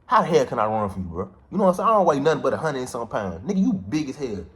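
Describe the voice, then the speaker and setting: A young man casually telling a personal story in heavy slang, animated and repeating "you know what I'm saying" as a filler. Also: mid-range voice, very fast. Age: young adult.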